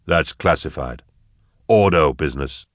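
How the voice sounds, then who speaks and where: A man voicing a cold, weary male investigator in an audiobook, speaking in curt, flat phrases. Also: extremely low pitch, a little slow, no echo, studio quality. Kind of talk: audiobook narration.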